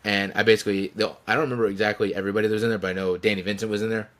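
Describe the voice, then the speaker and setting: A man with a very low voice tells stories in a loose, rambling way, full of restarts and chuckles. He talks to a desk camera from his room. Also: flat delivery, very fast, a bit bright. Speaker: channel host telling stories. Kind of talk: casual storytelling tribute.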